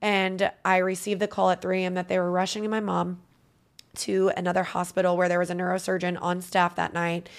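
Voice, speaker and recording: A woman with a lowish, gravelly voice recounts a personal story as an interview guest. Her telling is earnest and emotional. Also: flat delivery, brisk.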